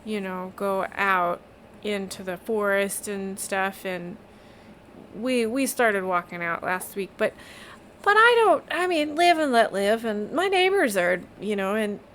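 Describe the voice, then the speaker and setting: A woman's voice: medium pitch, expressive, unhurried, fairly bright tone, a little hiss or hum. A woman voicing a young female village weaver who rambles, exasperated by town politics. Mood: rambling. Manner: rambling, exasperated, eye-rolling.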